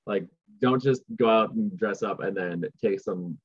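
A man chatting casually as a podcast co-host, talking haltingly with lots of fillers. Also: on the low side, slightly rough, dry recording. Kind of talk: casual chat. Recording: dull lo-fi sound.

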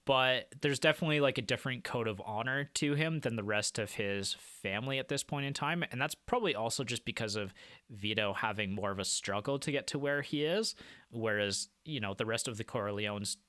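A man's voice: mid-range voice, fairly quick, bright, forceful tone, no room sound, studio quality. A man in his thirties co-hosting a film podcast, casually explaining film trivia. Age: 30s. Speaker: podcast co-host.

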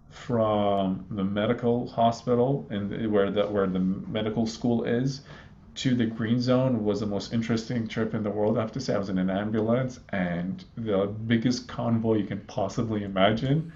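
A man in his thirties from Iraq, a guest calmly telling a personal story in a halting way, with many fillers, on a slightly muffled recording. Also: on the low side. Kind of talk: conversational storytelling. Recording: slightly dull, muffled audio.

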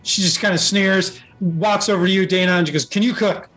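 Game master guy, high voice, rambly with lots of ums. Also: steady tone, fairly quick, fairly bright tone, soft background music. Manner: rambling, filler-heavy narration. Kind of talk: narrating a tabletop game.

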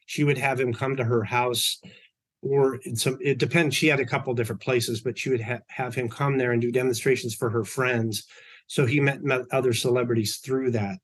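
A man's voice: medium pitch, fairly even intonation, normal speed, husky. A man being interviewed, telling personal stories in a chatty way, often correcting himself mid-sentence. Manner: chatty, anecdotal, with self-corrections. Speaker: podcast guest. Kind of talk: storytelling in an interview.

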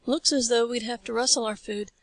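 A woman reading the lines of a calm, learned male scientist in a storybook, in a measured, explanatory way. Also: a little high.

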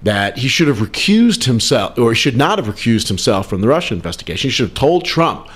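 A man's voice: mid-range voice, very animated, brisk, a bit bright, slightly rough. A man hosting a political talk radio show, delivering news commentary with a wry, sarcastic edge.

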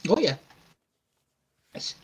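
A man's voice: very slow, a little hiss or hum. A man co-hosting a casual gaming podcast, joking and teasing, laughing often. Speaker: podcast co-host. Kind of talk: casual chat.

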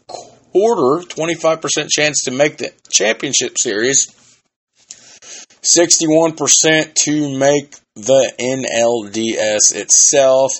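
A man in his thirties hosting a solo podcast, rambling loosely and swearing now and then. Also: mid-range voice. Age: 30s. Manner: rambling, loose and profane, with frequent restarts. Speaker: podcast host.

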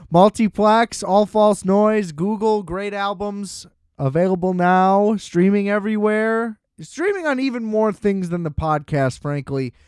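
A young man with a high, smooth, clear voice hosts a podcast in an unhurried, lackadaisical ramble. He keeps tossing in joking, self-mocking asides. The sound is close and dry. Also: no echo. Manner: laid-back, lackadaisical delivery. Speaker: podcast host. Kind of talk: casual comedic rant.

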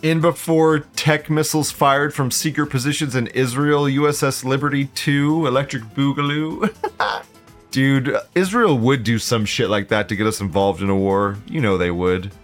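An American man hosting a casual commentary show, crude and sarcastic, swearing and jumping between mumbled asides and loud outbursts. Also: mid-range voice, fairly even intonation, moderate pace, soft background music. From United States. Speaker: show host.

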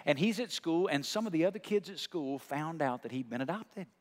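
A man preaching a sermon in a high voice, telling a story that builds into shouted, fervent climaxes. His voice rings out through a large hall with long reverb trailing behind it. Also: expressive, a little fast. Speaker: pastor.

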